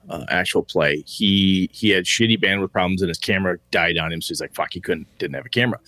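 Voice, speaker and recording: A man's voice: low voice, a bit bright, dry recording. A man co-hosting a casual podcast chat, rambling loosely, swearing offhand and acting out quotes. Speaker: podcast co-host.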